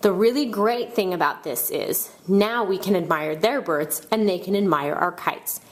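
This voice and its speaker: A woman narrating a children's book aloud with expressive storytelling. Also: on the low side, moderate pace. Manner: expressive storytelling, shouting out characters' cries.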